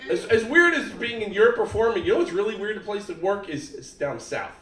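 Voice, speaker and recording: A man's voice: sits high, expressive, a little fast, recorded from a distance. A man in his fifties with a Philadelphia accent, telling jokes on a comedy club stage in a brash, punchy way. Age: 50s. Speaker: stand-up comedian. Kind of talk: stand-up comedy set. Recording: echoey club mic from afar, loud crowd.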